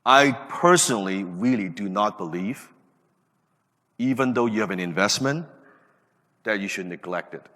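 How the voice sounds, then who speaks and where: A man's voice: lowish voice, moderate pace, pauses often, fairly bright tone. Emphatic man in his late thirties. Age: late 30s. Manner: emphatic, with rhetorical questions. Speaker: podcast host. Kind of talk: motivational talk. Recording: reverberant room.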